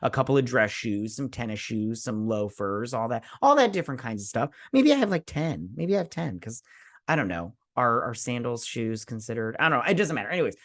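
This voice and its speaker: A man's voice: mid-range voice, animated, brisk, a bit bright, no echo, clean studio sound. A man hosting a casual episode recap, rambling and digressive, full of fillers and side stories. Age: adult parent. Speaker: show host reviewing an episode.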